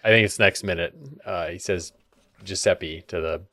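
Podcast co-host, man, deeper voice, easygoing asides, dry close mic. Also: steady tone, moderate pace, bright, forceful tone, no room sound. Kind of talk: casual film discussion.

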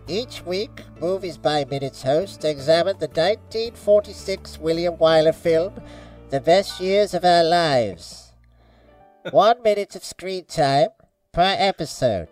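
A man's voice: sits high, a little mellow, voice pushed up, poor audio. A man putting on the voice of an older, formal British male politician, introducing a podcast in a mock-formal announcer manner.

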